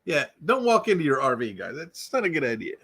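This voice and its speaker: A man's voice: a little high, very animated, fairly quick, pushed and bright, slightly rough. Jokey man hosting a casual livestream. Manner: rambling, joking, greets viewers by name. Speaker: YouTube livestream host. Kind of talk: casual unscripted live chat.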